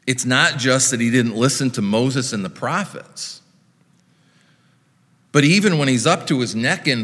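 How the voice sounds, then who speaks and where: A man preaching a sermon in a measured, reflective way, with wry asides. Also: medium pitch, a bit bright. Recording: long hall reverb.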